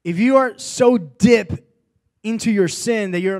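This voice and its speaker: Impassioned preacher man, high voice. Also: normal speed. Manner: impassioned, builds to loud exhortation. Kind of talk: sermon.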